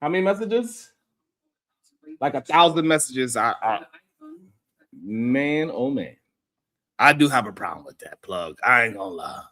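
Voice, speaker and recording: A man hosting a live stream, giving animated, profane reaction commentary and laughing often. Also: mid-range voice, unhurried, long pauses.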